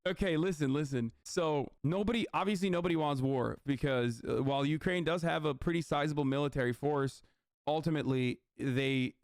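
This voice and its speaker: A man's voice: on the high side, fairly quick, no echo. A man giving heated, profane political commentary as a streamer, emphatic and sarcastic.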